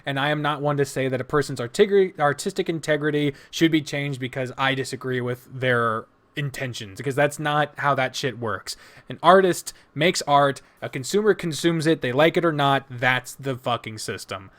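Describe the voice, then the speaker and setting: A man's voice: mid-range voice, normal speed, fairly bright tone. A man co-hosting a casual podcast, talking in an emphatic, profane ranting way. He sounds tired. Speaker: podcast co-host.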